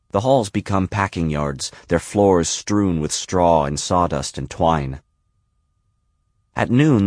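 A man narrating a novel in a calm, even storytelling voice. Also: sits low, dry recording, studio quality. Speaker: audiobook narrator. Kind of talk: scripted narration.

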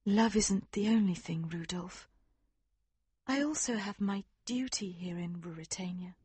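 A man voicing a tender, dutiful young princess in a storybook reading, speaking earnestly and gently with a breathy voice. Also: extremely high pitch, a little slow, no echo, voice pushed up, exaggerated voice.

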